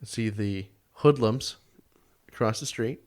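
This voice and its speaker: A man's voice: on the low side, a little slow, a little mellow. A man co-hosting a podcast in casual chat, teasing and cutting in with questions. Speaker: podcast co-host.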